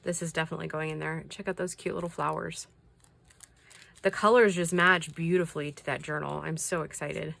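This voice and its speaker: A woman casually shows off crafty mail from her subscribers, gushing over each item in a soft-spoken way and sometimes dropping to a whisper. Her low, gravelly voice holds a fairly even intonation and moves a little fast.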